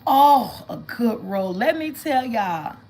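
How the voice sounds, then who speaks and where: A woman chatting casually with viewers on a livestream, telling animated stories and calling them y'all. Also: fairly high pitch, slow pace, poor audio. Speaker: vlog host.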